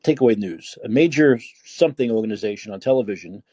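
A man's voice: on the low side, expressive, quick pace, dark tone, breathy edge, no echo. A man hosting a call-in podcast, ranting with indignation and firing off rhetorical questions, often repeating words as he heats up. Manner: repeats words when heated. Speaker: podcast host taking calls.

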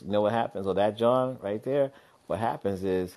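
Very deep-voiced man chatting animatedly. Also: moderate pace. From Philadelphia. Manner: animated, laughs often, breaks into playful voices. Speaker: podcast co-host. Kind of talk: casual chat.

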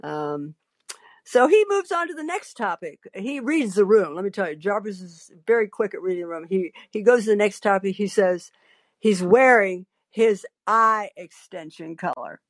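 A woman hosting a call-in podcast tells a story with wry, theatrical timing. She acts out the people she met in quick little voices. Her voice sits in a middle range and sounds close and dry, with no room around it. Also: medium pitch, lively intonation, no room sound. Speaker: podcast host. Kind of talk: storytelling monologue.

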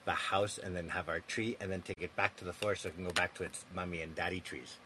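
A man hosting a casual interview podcast, talking gently and patiently with his small child. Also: deep voice, fairly even intonation, fast, background noise. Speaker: podcast host and father.

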